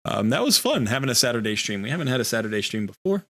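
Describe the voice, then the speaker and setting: A man's voice: mid-range voice, very animated, fast, a bit bright. A man streaming a video game live, talking casually in a rambling, easygoing way and often correcting himself.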